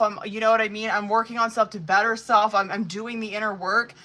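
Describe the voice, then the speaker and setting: Bright-voiced woman, profane tarot reader. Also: fairly high pitch, fairly even intonation, brisk, few pauses. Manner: profane, chatty, full of "like" and "you know what I mean". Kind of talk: live-streamed tarot reading, casual chat.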